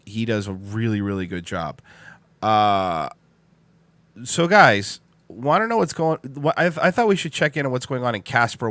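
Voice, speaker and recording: A man hosts a casual livestream, rowdy and joking, his voice loud when he reacts to clips. He sits close to the mic in a dry room. His pitch sits in the middle for a man. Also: no room sound. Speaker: livestream show host.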